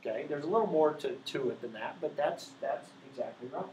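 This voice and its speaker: A man teaches a math class in a slightly high, expressive, somewhat quick and mellow voice, patiently working through each step. He keeps checking in with his students by asking "right?" over and over. The lecture is recorded in an echoey classroom with faint background noise.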